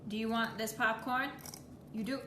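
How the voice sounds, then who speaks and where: A woman's voice: on the high side, fairly even intonation, normal speed, sharp tone, reverberant, slight background noise. A woman teasingly asks her pet parrot questions in playful talk. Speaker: pet owner.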